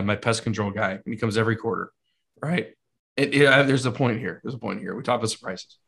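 Gravelly man in casual sports chat. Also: mid-range voice. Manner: animated, swearing, acts out quoted conversations. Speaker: podcast co-host.

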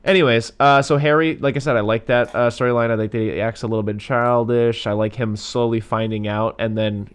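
A man's voice: medium pitch, steady tone, a little fast, few pauses, clear, resonant tone. A man co-hosting a casual movie podcast, talking loosely with lots of fillers and asides. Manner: loose and rambling, lots of "like" and "yeah". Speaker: podcast co-host. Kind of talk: casual movie review chat.

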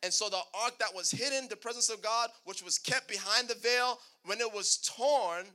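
A man's voice: very high-pitched, moderate pace, hardly any pauses, sharp tone. A male pastor preaching a sermon, calling out to the congregation and asking it to answer back. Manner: preaching with call-and-response to the congregation.

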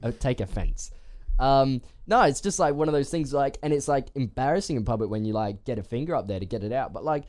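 Young Australian male radio co-host, expressive pitch, quick to laugh. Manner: animated, laughs often. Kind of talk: casual banter.

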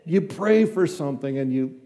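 Fairly high-pitched yet dark-toned, an older man speaks at normal speed with lively intonation and a long reverb tail. A district superintendent guest-preaching in a church sanctuary, he delivers a conversational, folksy sermon, acting out brief dialogues with asides.

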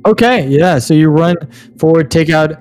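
A man narrating a tabletop game as game master, in loose, halting speech with plenty of fillers. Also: on the high side, a little mellow.

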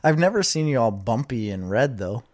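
A man's voice: mid-range voice, very animated, moderate pace, a little mellow. A man in casual chat who asks curious questions, teases, and laughs often.

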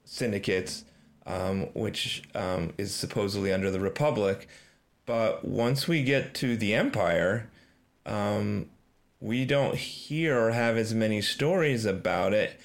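Male podcast co-host, lower register, reflective, measured fan chat. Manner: thoughtful, measured, searching for words.

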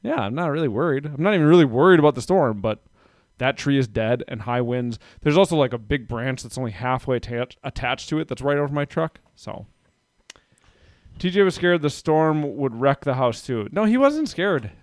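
A man's voice: mid-range voice, normal speed, no room sound, clean studio sound. Rambling man in his thirties. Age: 30s. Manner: rambling, animated retellings with voices for his kids. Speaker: parent telling stories. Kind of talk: casual chat.

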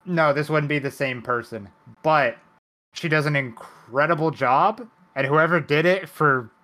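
Speaking in a mid-range voice with a sharp edge, a male podcast host keeps things casual. His delivery is dry and nerdy as he explains details he's reading from his notes.

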